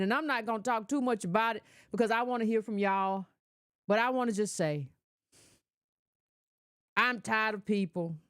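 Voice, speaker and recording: High-voiced woman scolding her audience. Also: no room sound, studio quality. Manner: emphatic, scolding and repetitive, with slangy direct address. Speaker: political commentator addressing her audience. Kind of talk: casual opinion commentary.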